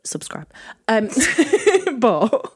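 A woman co-hosting a podcast in casual chat, telling animated stories and acting out what people said. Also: fairly high pitch, very slow, husky. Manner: animated storyteller who laughs often and acts out quotes. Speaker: podcast co-host.

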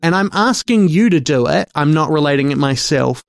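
A man co-hosting a film podcast in casual discussion, talking haltingly and wryly as he searches for words. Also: a little high, animated, gravelly, no room sound, clean studio sound.

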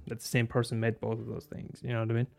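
A man talking casually and passionately about films, swearing freely and jumping up into high exclaims. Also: monotone, quick pace, vocal fry, darkish tone. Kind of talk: casual film chat.

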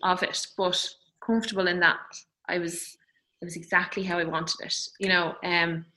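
A woman in her thirties telling her birth story in an interview, tender and halting, with many fillers. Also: lowish voice, little pitch movement, bright, forceful tone, slight background noise, rough recording. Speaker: guest. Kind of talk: personal birth story in conversation.

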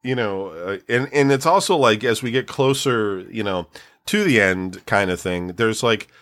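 Low-voiced rambling man in his forties. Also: expressive, normal speed, fairly bright tone. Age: 40s. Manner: rambling, frank, swears freely, many fillers. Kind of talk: casual chat.

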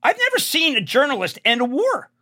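An older man talking as an interview guest, rambling and animated, with sudden leaps in his voice. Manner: animated, rambling, quick jumps in pitch. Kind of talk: casual interview chat.

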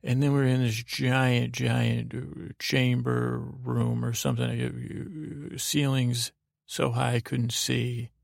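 A man's voice: medium pitch, little pitch movement, slow pace, vocal fry, no echo, studio quality. A man hosting a podcast, telling a meandering bedtime story full of ums and restarts. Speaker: podcast host.

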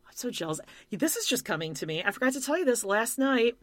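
A woman's voice: on the high side, big pitch swings, fast. A woman co-hosting a podcast, chatting and gossiping with easy laughter. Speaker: podcast co-host. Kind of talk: casual chat.

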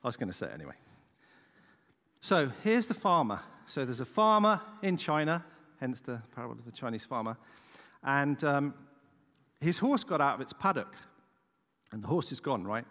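A man's voice: mid-range voice, sing-song, moderate pace, pauses often, a bit bright, in a large hall. A man preaching a casual sermon, chatty and conversational, tossing in "right?" asides as he tells a story.

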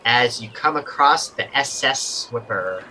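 A man narrating a tabletop game as game master, relaxed and halting with lots of fillers. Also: medium pitch, slight background noise.

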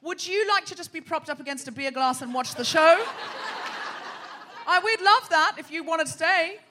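An Australian woman with a very high voice hosts a live comedy podcast from a theatre stage, speaking at a moderate pace. She teases and banters with the audience, and the recording picks up the crowd and some faint noise.

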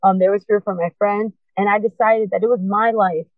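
A woman's voice: mid-range voice, fairly even intonation, a little fast, no echo. A woman guest telling her personal story in an earnest, impassioned way, urging listeners to keep going. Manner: earnest, impassioned, urgent encouragement. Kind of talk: emotional personal testimony. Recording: tinny phone-line sound.

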